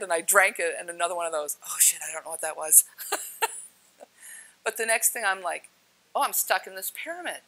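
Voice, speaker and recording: Woman, bright tone, lively storyteller who laughs a lot and plays out each quote. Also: mid-range voice, low-quality recording. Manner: laughs often, acts out quoted lines with big swings. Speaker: speaker sharing spiritual experiences. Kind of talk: animated storytelling.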